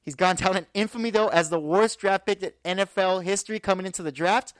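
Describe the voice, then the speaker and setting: A woman's voice: medium pitch, fast, no echo. A woman in her twenties hosting a sports podcast, talking casually and rambling with fillers. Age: 20s. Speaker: podcast host.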